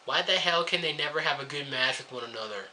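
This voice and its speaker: A man's voice: mid-range voice, fast talker, sharp tone, slight background noise. A young man reviewing a wrestling show in a casual rant, sarcastic and swearing freely as he jumps between topics.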